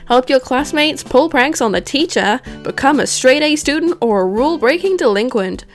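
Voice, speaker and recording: A woman voicing a showy male principal who hosts a game, reading in a quick, announcer-like way. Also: high voice, expressive, soft background music. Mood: grand.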